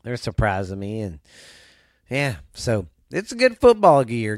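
A man's voice: medium pitch, big pitch swings, normal speed, no echo, studio quality. A man with a Southern US accent hosting a casual sports podcast, rambling loosely through his picks and swearing now and then. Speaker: podcast host.

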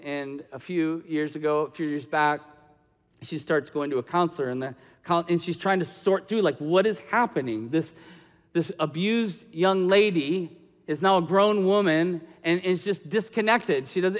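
A man's voice: high voice, big-room sound. A man preaching a sermon, telling a personal story that builds into impassioned preaching. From Michigan. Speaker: pastor.

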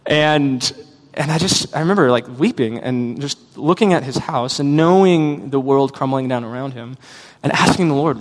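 A man's voice: mid-range voice, normal speed. A man preaching a sermon as a pastor, earnest and reflective, telling personal stories. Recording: long hall reverb.

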